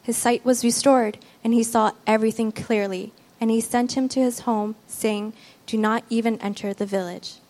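A woman reading a Bible passage aloud in a church in a steady, careful way. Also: on the high side, normal speed. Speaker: scripture reader.

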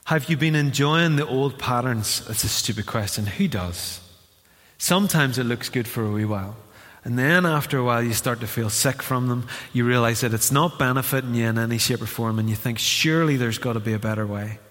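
A man delivers a sermon from the pulpit, animated and quick to act out voices as he tells his stories. His voice is bright and forceful. It rings with the long reverb of a church hall. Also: mid-range voice. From Northern Ireland. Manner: animated storyteller, acts out voices. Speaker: pastor.

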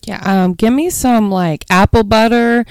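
A woman co-hosting a casual podcast, blunt and playful, quick to laugh. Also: on the high side, a little mellow, smooth, no echo, studio quality. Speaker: podcast co-host. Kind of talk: casual chat.

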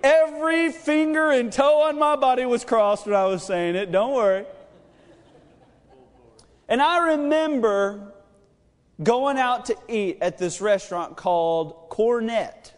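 A man's voice: very high voice, a little slow. A man preaching a midweek sermon, telling a joking personal story in a chatty, rambling way with lots of fillers. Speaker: pastor. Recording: long reverb of a church hall.

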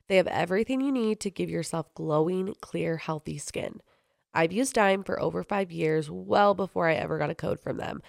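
A woman's voice: on the low side, vocal fry, no room sound, clean studio sound. Wanita dengan suara serak bergetar, rekaman kering. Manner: chatty, upbeat, quick bursts. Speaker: podcast host. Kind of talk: casual chat and ad reads.

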